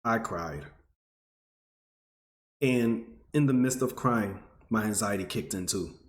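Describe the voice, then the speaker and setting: A man's voice: takes it slowly, echoey room. A man in his twenties, telling a personal story to his audience in an earnest, emotional way. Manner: earnest, emotional, rising pitch when stirred. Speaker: vlogger.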